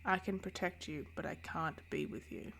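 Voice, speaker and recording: A woman reading aloud the lines of an earnest, protective young man from a novel, in a soft, low-key way. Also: lively intonation, moderate pace, a little hiss or hum.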